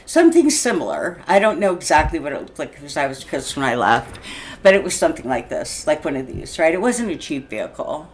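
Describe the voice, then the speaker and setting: A woman's voice: sits low, very animated, a little fast, a little hiss or hum. An agitated woman in her sixties vents to camera in a rambling monologue. She laughs between thoughts, swears freely, and restarts her sentences as she talks. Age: 60s. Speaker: vlogger. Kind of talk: unscripted venting monologue.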